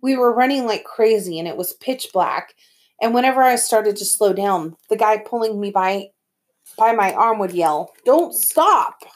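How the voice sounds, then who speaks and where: A woman reading a first-person story aloud as an audiobook narrator, with lively storytelling. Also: mid-range voice, moderate pace.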